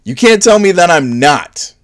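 Animated sarcastic man doing comedy. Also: a little slow. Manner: sarcastic, swings into high mocking put-on voices for bits. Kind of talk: stand-up style comedic monologue.

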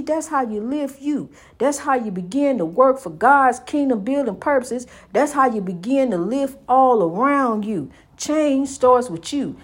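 A woman's voice: a little high, lively intonation, unhurried. A woman preaching with fervor, repeating her points and calling the listener "honey". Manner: fervent, repetitive, calls listener "honey". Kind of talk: preaching, inspirational monologue.

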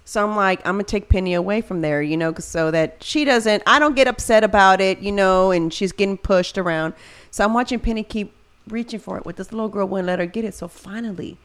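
A woman in casual chat, an animated storyteller who leans on fillers, talking about her baby daughter. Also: medium pitch, a little fast, clean tone. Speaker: podcast co-host.

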